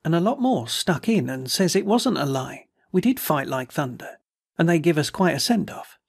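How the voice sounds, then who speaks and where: A man's voice: fairly high pitch, very animated, normal speed, vocal fry, breathy edge, pitched above the performer's own voice, heavily acted. A man voicing an aggrieved young male soldier who grumbles and complains in a storybook reading. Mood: indignant.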